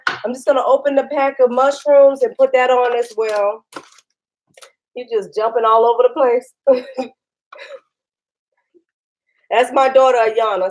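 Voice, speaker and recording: Woman host, home kitchen live cook-along, bubbly and chatty, bright high register. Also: a little hiss or hum, poor audio. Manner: chatty, excitable, laughs often, talks to viewers as "y'all". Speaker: cooking channel host. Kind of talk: casual live-stream cooking demo.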